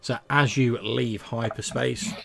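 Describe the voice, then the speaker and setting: A man's voice: medium pitch, steady tone, slow pace, creaky, fairly bright tone, slight background noise. A man narrating as game master of a tabletop game, describing scenes with loose fillers.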